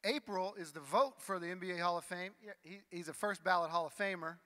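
A man's voice: high-pitched, moderate pace, pushed and bright. A man presenting on stage, reminiscing and paying tribute to the honoree at an awards dinner in a banquet hall.

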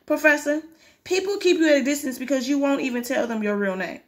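A woman voicing an eager young female researcher who asks bright, rising questions. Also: high voice, quick pace, pitched above the performer's own voice, natural voice.

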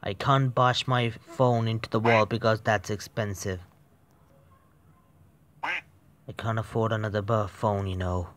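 A man's voice: fairly low pitch, steady tone, a little slow, long pauses, a bit bright. A frustrated man commenting on a phone game, swearing constantly and swinging between muttered whispers and sudden yelps. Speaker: mobile game player. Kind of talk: gaming commentary.

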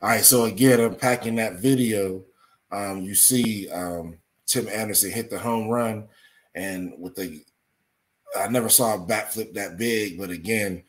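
Low-voiced man hosting sports talk. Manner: measured, many ums and uhs. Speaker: sports talk show host. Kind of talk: sports history talk show. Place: studio or home setup.

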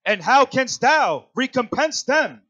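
Brief: male scripture reader, very high voice, measured, muffled sound. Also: sing-song, bright, forceful tone. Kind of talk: reading scripture aloud.

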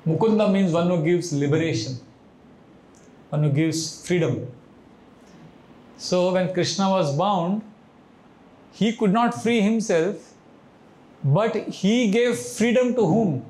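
Spiritual teacher, male, higher pitch, animated storyteller who chants verses, roomy echo. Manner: animated storytelling, acts out pleas for help, chants Sanskrit verses slowly. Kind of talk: devotional lecture.

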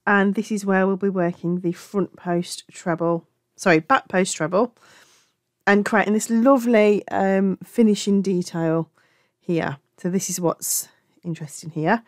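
Speaking a little slowly in a steady, mid-range voice, a woman with an English Black Country accent walks through a crochet tutorial. She's chatty and affectionate and often corrects herself, and the studio sound is clean with no echo.

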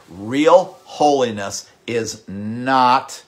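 A middle-aged man preaching a sermon with passion, repeating words, swinging from loud outbursts to hushed, whispered lines. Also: mid-range voice, unhurried. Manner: impassioned, with repeated words and sudden drops to a hush. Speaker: pastor.

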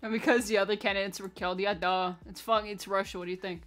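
A woman streaming live, talking loosely to her chat at a middle pitch. She is crude and teasing, with a lot of "like" and swearing. Soft music plays faintly underneath. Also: steady tone, fast. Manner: profane, blunt and teasing, with a lot of filler "like". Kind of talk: casual live-stream chat, reacting to viewer messages.

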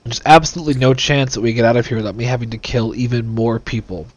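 A young let's play host talks fast into a desk microphone, giving casual gameplay commentary that's sarcastic, profane, and full of jokes. His mid-range voice has fairly even intonation, with no room sound.

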